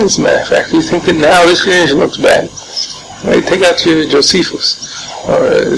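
Gravelly, animated man teaching a Torah class. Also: a little high. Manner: animated, jokey, mixes Hebrew and Yiddish terms. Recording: noisy room recording.

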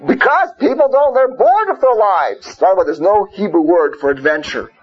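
A man's voice: high-pitched, expressive, moderate pace, slightly rough. A man teaching an informal Torah class, talking conversationally, peppering his points with rhetorical questions and Hebrew and Yiddish terms. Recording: muffled lo-fi recording.

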